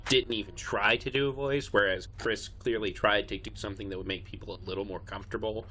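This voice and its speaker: A man's voice: on the low side, steady tone, fast, sharp tone. A man who works as a voice actor, chatting casually on a podcast and leaning on fillers. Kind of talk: casual chat.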